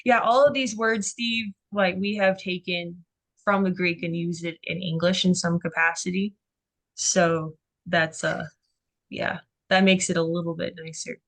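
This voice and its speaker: Slow, encouraging woman tutor. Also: fairly low pitch, fairly even intonation, a bit bright. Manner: encouraging, unhurried, with frequent fillers. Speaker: Greek workshop tutor. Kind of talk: online tutoring session.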